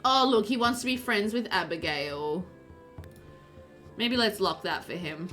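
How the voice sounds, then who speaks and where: Bright, lively woman streamer. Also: mid-range voice, a little slow, faint music behind. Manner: animated, laughs often, chatty asides to viewers. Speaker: game streamer. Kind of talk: casual live-stream chat while playing.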